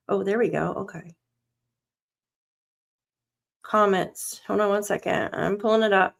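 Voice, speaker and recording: A woman's voice: medium pitch, unhurried, vocal fry, pauses often. A woman hosting a live stream on a missing child case, anxious and shaky, talking to herself as she searches for news. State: shaken, on edge. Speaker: livestream host covering a missing child case.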